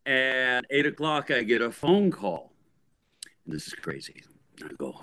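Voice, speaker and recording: A middle-aged guest musician at a casual interview launches into a long, rambling story, animated and often starting over. His pitch is medium and his pace a little slow.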